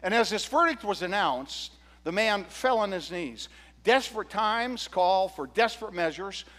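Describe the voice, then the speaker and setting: A male pastor preaching a sermon, retelling a parable with animated, humorous storytelling. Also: high-pitched, a little slow, in a large hall.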